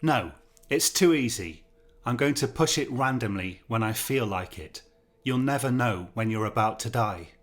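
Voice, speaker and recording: A man's voice: mid-range voice, expressive, normal speed, lightly acted. A man voicing a haughty, educated male prisoner who trades contemptuous, cutting insults. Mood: cold.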